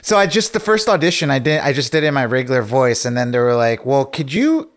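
A young adult man talks as a guest on a podcast, in an easygoing, meandering way. His voice sits at an ordinary middle pitch. He pads nearly every thought with "like" and "you know". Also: quick pace, fairly bright tone. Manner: rambling, heavy with "like" and "you know". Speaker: actor guest. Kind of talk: casual podcast chat.

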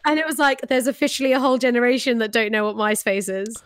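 Chatty woman, high voice. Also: fast talker, clear, resonant tone, no room sound. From London. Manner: chatty, giggly, acts out voices in stories. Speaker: podcast co-host. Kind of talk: casual podcast chat. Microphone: remote recording, close mic.

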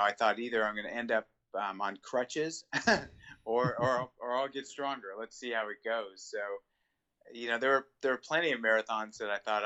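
A middle-aged man as an interview guest, talking in a relaxed, reflective way with chuckles. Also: mid-range voice, highs cut off. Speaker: guest ultramarathon runner. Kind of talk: conversational interview.

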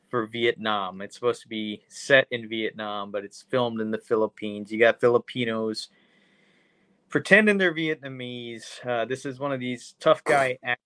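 Dude on a podcast rambling thru a movie recap, swears a lot, dry close sound. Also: male voice, medium pitch, a bit bright, dry recording. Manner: rambling, profane, plot recap with fillers. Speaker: podcast co-host. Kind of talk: casual movie review chat.

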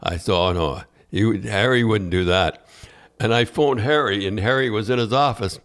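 In a relaxed storytelling chat, an older man who hosts a podcast spins long, rambling anecdotes full of restarts and repeated words. He speaks at a moderate pace in a lowish, slightly bright voice.

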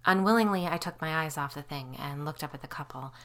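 Low-voiced woman narrating a ghost story. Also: quick pace.

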